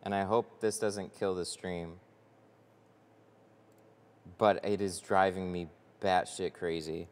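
A man's voice: low voice, fairly even intonation, slow pace, pauses often, in a large hall. A man who tints car windows, chatting casually on a livestream with lots of fillers and rambling asides. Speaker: window tint installer streaming live. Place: tint workshop. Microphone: headset.

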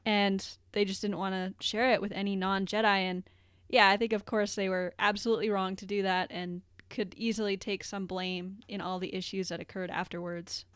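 Female podcast co-host, mid pitch, relaxed and chatty, dry close-mic sound. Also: moderate pace, clean tone, no room sound. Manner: thoughtful, conversational, lots of fillers. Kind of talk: casual podcast discussion.

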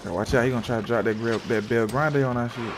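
A gamer with a mid-range voice speaks at a quick pace with a steady tone, with loud game sounds and background noise behind him. His casual gameplay commentary is full of profane, slangy trash talk directed at the game.

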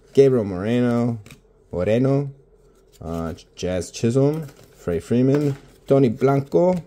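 A young man with a warm, fairly low voice casually narrates opening packs of baseball cards in his home office. He's a card-opening vlogger, short on sleep, so he mumbles and swears constantly through the commentary.

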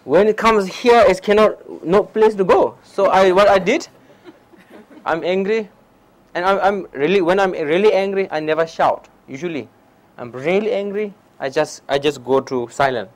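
Young Nepali-accented male teacher, high-pitched, storytelling dharma talk to an audience. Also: moderate pace, rough recording. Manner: non-native English, animated anecdotes, frequent "huh?" asides. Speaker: meditation teacher. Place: lecture hall before an audience.

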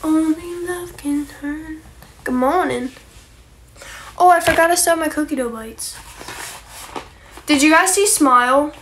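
A woman's voice: high-pitched, unhurried, long pauses, fairly bright tone, a little hiss or hum. A young woman chatting casually on a phone livestream, rambling with lots of likes and ums and casual swearing.

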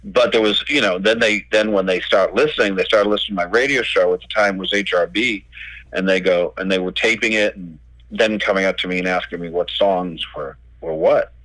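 Guest storyteller, man, lowish voice, dry close sound, salty retold dialogue. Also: a little fast, a bit bright, no room sound, poor audio. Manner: swears freely, retells dialogue with "I go". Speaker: record label owner, guest. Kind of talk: storytelling in a podcast interview.

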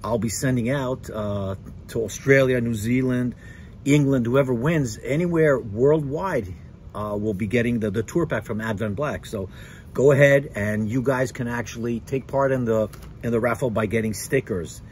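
A friendly man talks in a loose, rambling way, recorded in his home garage. His voice sits at an ordinary middle pitch, with a faint hum of noise behind it. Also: normal speed, darkish tone. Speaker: motorcycle vlogger. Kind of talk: casual vlog chat.

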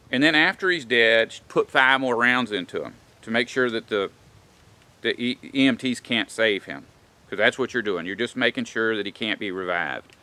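Indignant, rambling man with a bright voice. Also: medium pitch, no echo. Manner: rambling and indignant, with frequent "you know". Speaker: vlogger. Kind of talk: opinionated monologue.

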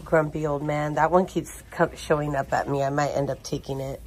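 A woman with a low, somewhat dark voice and a level tone narrates a shopping vlog fairly quickly from inside a large retail store. She chats casually while reading prices and product labels aloud.

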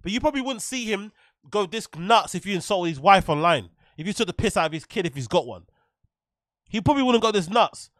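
A man's voice: high-pitched, sing-song, brisk, a bit bright, no room sound, clean studio sound. A man giving sarcastic, swearing reaction commentary on his stream. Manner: sarcastic, swearing, laughing often.

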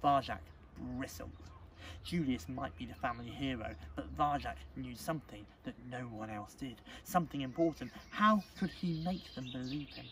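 A male teacher reading a storybook aloud at a school assembly, expressive and dramatic. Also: medium pitch, moderate pace. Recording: distant mic, faint background noise.

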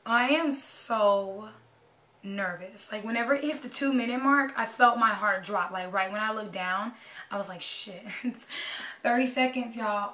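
A young woman, talking anxiously and excitedly to her camera in a casual vlog. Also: on the high side, a little slow. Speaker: vlogger. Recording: echoey room, voice a bit far from mic.

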